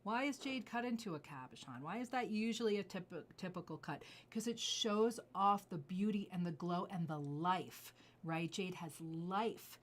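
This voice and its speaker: A woman's voice: on the low side, moderate pace, few pauses. Gushing, effusive woman showing off jewelry. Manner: gushing, effusive, drops to soft asides while showing pieces. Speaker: jewelry designer and seller. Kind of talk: enthusiastic product showcase.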